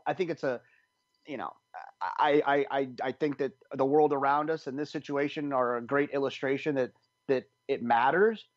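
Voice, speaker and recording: A man's voice: mid-range voice, no room sound, muffled recording. Man telling a rambling story. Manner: rambling, many restarts, animated. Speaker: podcast guest telling a story. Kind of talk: casual storytelling.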